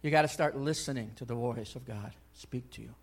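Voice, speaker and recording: A male pastor preaching a sermon in a church. He talks conversationally with many asides, swinging between loud exhortation and soft, hushed remarks. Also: medium pitch, brisk. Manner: conversational, frequent "I mean" and "you know".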